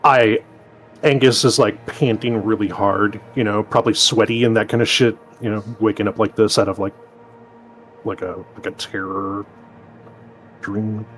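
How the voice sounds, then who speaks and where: A man's voice: lowish voice, steady tone, normal speed, fairly bright tone, faint music behind. A man playing a character in a tabletop role-playing game, describing his actions casually with lots of hesitations. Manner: casual, hesitant, full of fillers. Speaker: player. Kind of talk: tabletop role-play chat.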